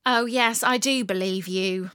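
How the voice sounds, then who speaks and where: A woman reading the lines of a brisk, reassuring emergency telephonist. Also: mid-range voice, a bit bright, clear, resonant tone, no room sound, clean studio sound, natural voice. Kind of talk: storybook reading.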